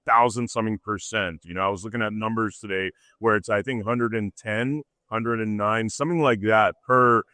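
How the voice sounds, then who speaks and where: Lower-voiced man hosting a casual stream. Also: fairly even intonation, moderate pace, few pauses, pushed and bright, no echo. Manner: casual, says "dude" and "like" a lot. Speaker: host. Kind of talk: casual livestream chat.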